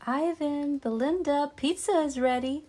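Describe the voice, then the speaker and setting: A woman's voice: sits high, a little slow, darkish tone, soft background music. A woman voicing a cheerful young doll mother, talking sweetly in a toy play video. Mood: content. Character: cheerful young doll mom, upbeat and doting.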